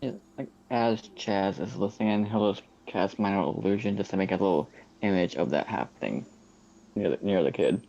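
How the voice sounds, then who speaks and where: A man's voice: low voice, normal speed, warm tone, highs cut off. A man playing in a tabletop game, laid-back and a little hesitant. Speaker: player. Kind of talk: casual tabletop role-play.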